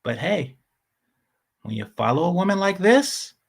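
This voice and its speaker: Sarcastic man, high and animated. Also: a little slow, gravelly, slightly rough. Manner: sarcastic, repeats points for emphasis. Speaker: commentary channel host. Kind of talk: casual video commentary.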